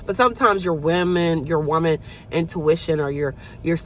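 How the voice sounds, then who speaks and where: A woman's voice: low voice, moderate pace, fairly bright tone, slight background noise. A woman giving a casual devotional talk, earnest and preachy, who keeps checking in with "right?" and "you know?". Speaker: speaker.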